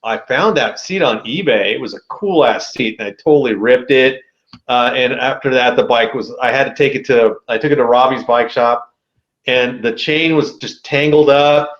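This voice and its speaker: A man as a podcast guest telling a story in a casual, animated way, with a lot of slang. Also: mid-range voice, moderate pace, roomy sound, muffled recording.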